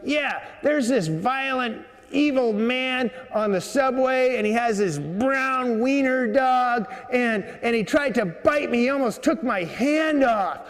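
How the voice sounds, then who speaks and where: Here a man puts on a loud, shrill young woman with a rough East Coast accent, drawing out every outraged complaint. It's very high and pushed, and the sound rings off a long echoey subway platform. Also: expressive, exaggerated voice. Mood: complaining. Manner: indignant, shrieking, slow and emphatic.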